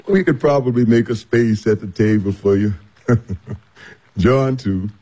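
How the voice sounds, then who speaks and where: A man voices an easygoing older servant in a radio drama. His voice is mellow and a little husky. He chuckles through his folksy talk. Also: on the low side, slow. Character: older folksy household servant, good-humored.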